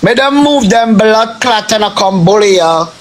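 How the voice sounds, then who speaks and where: A man's voice: high-pitched, lively intonation, unhurried. A man with a Jamaican accent doing a heated, repetitive rant on a phone live stream, swearing heavily. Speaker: social media live streamer.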